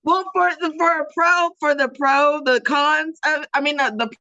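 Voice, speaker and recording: A woman's voice: sits high, steady tone, moderate pace, bright, forceful tone, dry recording. Brash woman guest who laughs and swears a lot, dry dull lo-fi sound. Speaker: guest co-host. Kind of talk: casual gossip chat.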